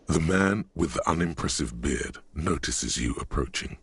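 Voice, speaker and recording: A man's voice: extremely low pitch, animated, normal speed, breathy edge, heavily acted. A man voicing a grim, sardonic game narrator who describes the scene in dry, ominous tones.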